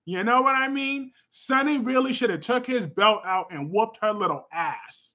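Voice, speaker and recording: A man hosting a casual livestream, reading viewer comments in a sassy, emphatic way with sudden loud bursts. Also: high voice, lively intonation, normal speed.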